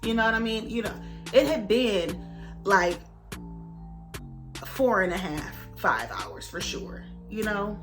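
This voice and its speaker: Animated young woman telling a story. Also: mid-range voice, takes it slowly, long pauses, over music. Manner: animated, dramatic retelling with voices for others. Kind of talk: casual storytime vlog.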